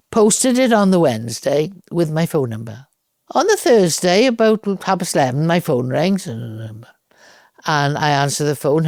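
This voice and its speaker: An older woman from Wales with a Welsh accent, a podcast guest telling lively anecdotes and acting out the dialogue. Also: low voice, no room sound, clean studio sound. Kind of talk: storytelling in a podcast interview.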